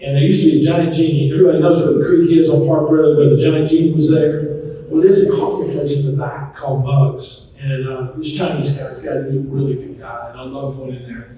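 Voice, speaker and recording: A middle-aged man, a memory doctor giving a folksy, anecdotal talk to an audience, often pausing on ums. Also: fairly high pitch, steady tone, dark tone. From Charlotte, North Carolina. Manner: chatty, anecdotal, hesitant with many ums. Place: large echoey hall, voice from some distance. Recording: echoey hall, mic at a distance.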